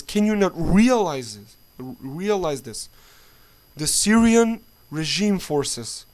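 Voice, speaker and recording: Angry profane man ranting slowly. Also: a little high. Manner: angry, profane, halting with restarts. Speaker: political vlogger. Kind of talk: angry political rant to camera.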